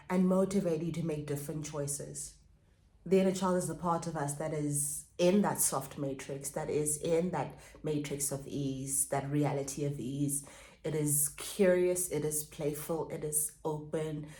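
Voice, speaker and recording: A woman coach giving a reflective self-help vlog talk, repeating and stressing key phrases. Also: sits low. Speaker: pleasure and spirituality coach. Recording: echoey room.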